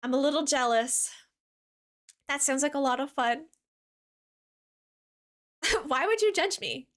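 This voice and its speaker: A woman streaming a cozy game, chatting in a bubbly, giggly way and gushing warmly at her chat, with lots of "like" fillers. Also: high-pitched, expressive, slow. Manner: warm toward chat, gushing. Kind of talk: casual live-stream chat while gaming.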